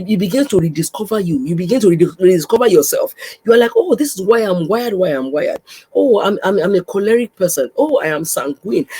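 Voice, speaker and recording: Woman podcast host, husky, exhortative, repeats key phrases to the listener. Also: on the low side, poor audio. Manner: repetitive, exhorting, addresses listener warmly. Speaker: podcast host, pastor's wife. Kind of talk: faith podcast teaching.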